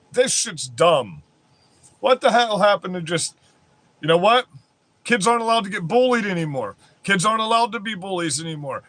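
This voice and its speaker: A man's voice: high-pitched, pushed and bright. A man ranting on his vlog in a heated, rambling way, swearing constantly. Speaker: vlogger. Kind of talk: profane political rant.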